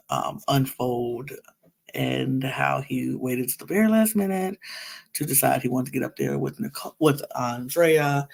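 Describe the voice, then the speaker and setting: Gravelly-voiced woman rambling through a recap. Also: very deep voice, a little mellow. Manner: chatty, rambling with many fillers. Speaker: podcast host. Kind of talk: casual reality TV recap.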